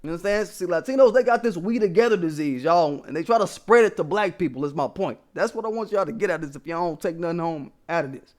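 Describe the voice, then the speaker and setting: A man's voice: on the high side, animated, quick pace, hardly any pauses. A man vlogging a casual story to his viewers, emphatic and profane, often checking in with them.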